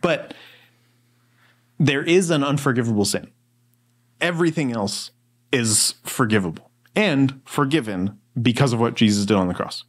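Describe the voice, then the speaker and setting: On a Bible study podcast, a male co-host talks in a relaxed, rambling storytelling style full of fillers. He has a medium pitch and a moderate pace, and he pauses often.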